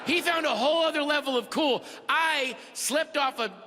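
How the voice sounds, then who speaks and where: A male stand-up comedian telling a quick, self-mocking anecdote. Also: very high-pitched, long reverb tail, noisy background.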